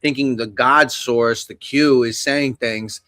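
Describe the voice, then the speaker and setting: A man's voice: medium pitch, steady tone, slow pace, bright, forceful tone, no room sound, studio quality. A man hosting a casual, profane chat who jokes loosely and acts out the people he quotes.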